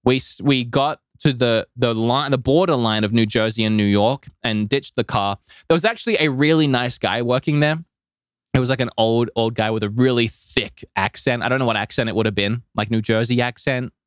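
Guy co-hosting a podcast, rambly animated storytelling, average pitch, dry close mic. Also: fairly quick, dry recording. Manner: rambling, animated retelling with filler words. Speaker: podcast co-host. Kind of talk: casual storytelling chat.

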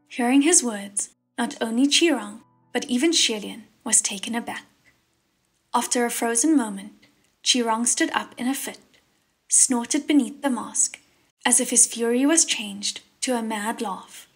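A woman narrating a fantasy audiobook in a steady, unhurried reading voice that is husky. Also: fairly high pitch. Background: soft piano music.

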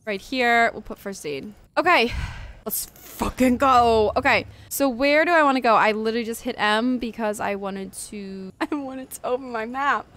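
Jumpy and nervous, a woman streamer swears often and gasps at each scare during her let's-play commentary. Her voice is a little high and a bit bright, at a normal speed.

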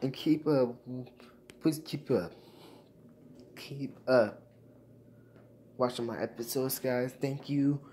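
A man's voice: medium pitch, slow pace, pauses often, dark tone, a little hiss or hum. A young man vlogging to his subscribers in a casual, emotional and repetitive way, thanking them over and over. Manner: emotional, repetitive, keeps saying "guys". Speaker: YouTuber. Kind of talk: casual vlog talk to viewers.

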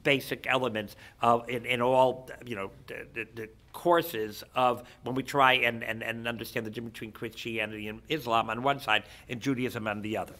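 A man lecturing as a rabbi, telling a story in an animated way and often repeating words as he goes. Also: mid-range voice, normal speed, few pauses. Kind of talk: lecture to students.

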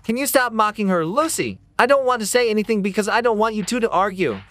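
A woman voicing a calm, loyal young man in a storytime animation, speaking in a measured way. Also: mid-range voice, close to an everyday voice.

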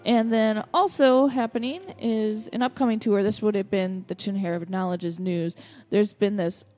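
A young woman co-hosts a casual podcast, running through announcements with chatty energy. Her voice sits at a middle pitch. Faint music plays underneath. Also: steady tone, normal speed, a little mellow. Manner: chatty, upbeat, stumbles over band names. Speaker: podcast co-host. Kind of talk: casual chat, reading show announcements.

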